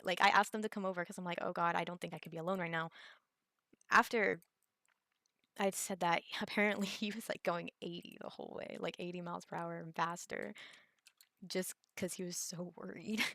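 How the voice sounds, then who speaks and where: A woman's voice: on the low side, gravelly, bright, forceful tone, no room sound, clean studio sound. A young woman, telling a personal story in a casual vlog, rambling with many fillers and restarts. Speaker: vlogger.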